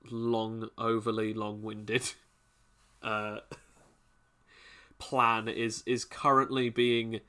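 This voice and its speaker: A man acting as game master for a tabletop game, with a bright, forward voice. He rambles and restarts his sentences as he works out rulings for the players. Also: mid-range voice, clean tone.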